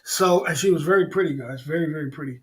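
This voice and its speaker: A man's voice: on the high side, fast talker, a bit bright. A man hosts a livestream. He tells stories in a loose, rambling way. He keeps repeating lines, chuckles and calls out to the people in the chat. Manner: rambling, repetitive, chuckles often, talks to the chat. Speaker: livestream host. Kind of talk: casual livestream storytelling.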